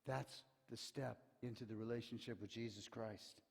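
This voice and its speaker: A male pastor preaching a sermon. He tells stories with energy, acts out the quotes, and often drops to a hushed tone to stress a point. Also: medium pitch, normal speed, vocal fry, breathy edge. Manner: lively storyteller who acts out quotes, often dropping to a hushed tone for emphasis. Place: church sanctuary. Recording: long hall reverb.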